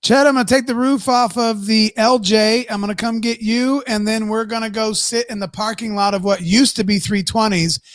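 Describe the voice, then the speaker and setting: Man, high pitch, teasing, profane, laughing, dry close mic. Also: fairly even intonation, moderate pace, hardly any pauses, fairly bright tone, no room sound. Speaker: podcast co-host. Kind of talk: casual live podcast banter.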